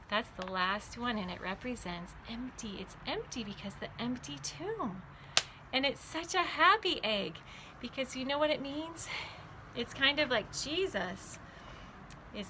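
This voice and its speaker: A woman teaching a children's Bible club, telling a story in an animated way and asking the children questions. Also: mid-range voice, a little hiss or hum. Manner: animated, asks children questions, says their names.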